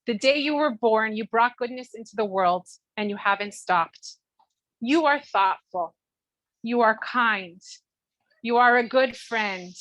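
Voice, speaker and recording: Woman, middle-aged mother, heartfelt read-aloud family speech, fairly high voice, dry close sound. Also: fairly bright tone, dry recording, poor audio. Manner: heartfelt, measured, sprinkled with Hebrew terms. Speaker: mother giving a bat mitzvah speech. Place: Toronto.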